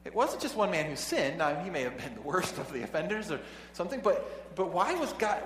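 A man's voice: on the high side, very animated, fairly quick, hardly any pauses, fairly bright tone. Preacher man in an echoey hall. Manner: conversational, chuckling asides, frequent restarts. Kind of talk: sermon with storytelling. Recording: echoey hall with faint hum.

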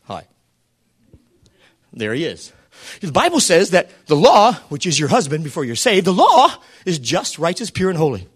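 A man preaching a sermon as pastor, swinging between shouted appeals and quiet asides and putting questions to the congregation. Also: a little high, huge pitch swings, normal speed, husky. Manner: preaches with fervor and calls out to the listeners.

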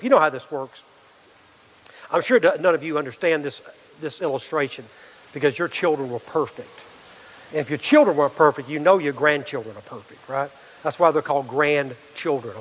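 A man's voice: a little high, fairly bright tone. A middle-aged male pastor preaching a sermon, earnest, full of rhetorical questions and restarts. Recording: long hall reverb.

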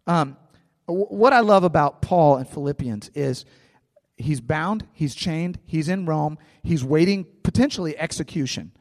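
A man's voice: on the high side, expressive, unhurried, darkish tone. A male pastor preaching a sermon in a conversational way, telling stories and often restarting his phrases. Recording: long hall reverb.

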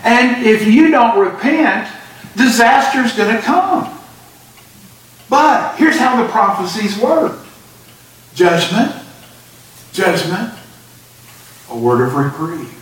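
A man's voice: high voice, sing-song, slow pace, a bit bright. A male pastor preaching a sermon and reading Scripture with emphasis. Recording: echoey church sound from a distant mic.

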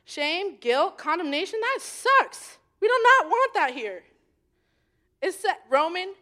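A young woman giving an informal sermon to young people, chatty and animated, swinging between loud and hushed. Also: very high voice, unhurried. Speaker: youth leader giving a message.

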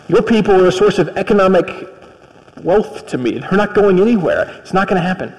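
A man doing a proud king, casual and dismissive, high voice, long hall reverb. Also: animated, brisk, darkish tone. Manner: casual, dismissive, matter-of-fact. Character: arrogant scheming male Egyptian king.

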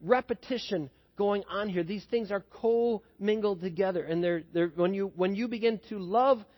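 A man's voice: sits high, normal speed. A man preaching a sermon in a conversational way, often asking the congregation questions as he tells a story. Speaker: pastor. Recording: dull sound with long hall reverb.

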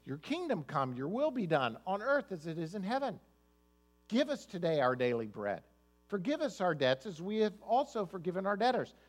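A man preaches a sermon in a high voice. He speaks conversationally to the congregation and often doubles the first words of a sentence. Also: very animated, moderate pace. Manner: conversational, repeats words when starting sentences. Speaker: pastor.

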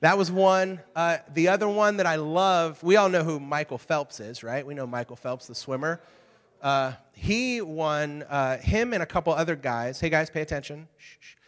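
A man in his thirties speaking to a live group, telling stories in an energetic, animated way with asides to the crowd. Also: a little high, normal speed. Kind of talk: energetic talk to an audience. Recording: reverberant hall.

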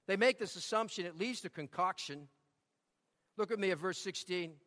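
Guy preaching a sermon in a church, pretty high voice, echo hanging in the hall. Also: normal speed, fairly bright tone. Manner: storytelling with emphatic repetition. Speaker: pastor.

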